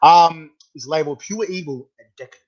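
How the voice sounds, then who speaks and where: A man's voice: fairly high pitch, brisk, highs cut off, crowd noise. A man hosting a casual chat, telling stories with animation and frequent laughter. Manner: animated storyteller, laughs often. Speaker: host.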